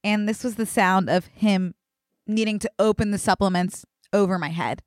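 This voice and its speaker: A woman's voice: medium pitch, steady tone, normal speed, no echo. Young woman, podcast co-host, chatty, casual, dry close mic. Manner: chatty, casual, laughs easily. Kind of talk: casual chat.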